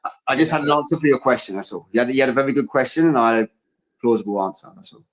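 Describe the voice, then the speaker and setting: A man's voice: mid-range voice, racing, poor audio. A man co-hosting a casual podcast, rambling through fringe theories with many restarts. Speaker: podcast co-host. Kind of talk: casual chat.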